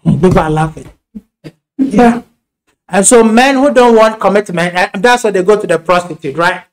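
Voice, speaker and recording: In a rough recording, a Ghanaian-accented pastor gives a church sermon built on down-to-earth stories. He frequently starts over mid-thought and adds laughing asides, speaking at a moderate pace in a high-pitched voice.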